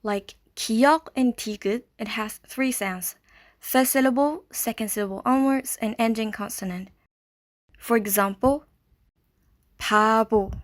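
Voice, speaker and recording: A woman narrating a scripted language lesson, explaining step by step in a slow, clear way. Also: fairly high pitch. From Malaysia. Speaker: language teacher.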